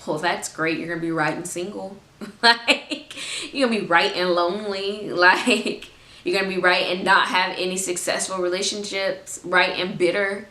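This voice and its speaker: A woman's voice: fairly low pitch, steady tone, moderate pace, bright, forceful tone, echoey room. A woman in her twenties giving a motivational talk to her viewers, emphatic and repeating phrases for effect. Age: 20s. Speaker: faith vlogger.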